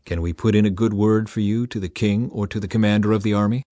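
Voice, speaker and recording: A man's voice: on the low side, steady tone, fast, dark tone, dry recording, clean studio sound, lightly acted. A man voicing an old prophet in a storybook reading, giving firm instructions in a slightly raised voice. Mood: commanding. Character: commanding old male prophet.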